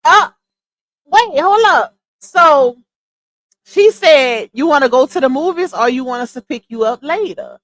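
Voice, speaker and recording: A woman's voice: sits high, lively intonation, unhurried, fairly bright tone. A woman hosting a live stream, chatting casually and incredulously to her viewers, with laughing asides. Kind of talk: casual commentary on a clip.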